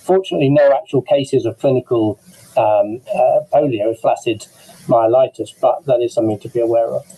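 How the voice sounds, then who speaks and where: A man's voice: medium pitch, brisk, warm tone, low-quality recording. A man with an English accent moderating an online medical discussion, talking with many fillers and restarts over a video call.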